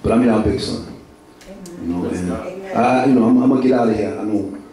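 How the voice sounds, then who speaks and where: A middle-aged man with a lowish voice talks a little fast over a crowd in the background, giving an emotional church testimony. It's repetitive, heartfelt, and sprinkled with street slang and laughter, recorded from far away in a large, echoey church hall.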